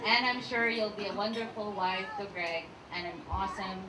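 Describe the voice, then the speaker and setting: A woman's voice: mid-range voice, moderate pace, noisy background. A woman reading her maid-of-honor toast from notes, giggly and emotional, close to tears. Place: restaurant reception. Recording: echoey room, mic at a distance.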